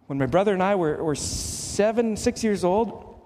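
A middle-aged man from Canada preaching a sermon as pastor, earnest and emphatic, swinging between pressing highs and hushed lows. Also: expressive, normal speed, slight background noise. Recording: long hall reverb.

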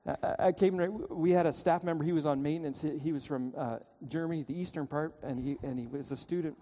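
A man preaching a sermon in a church, with a fairly high but mellow voice. He tells a story and pleads with his listeners, moving between loud passages and quiet ones. A long reverb trails after his words in the sanctuary. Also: quick pace, a little hiss or hum. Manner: storytelling, urgent pleading, dramatic shifts in loudness. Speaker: pastor.

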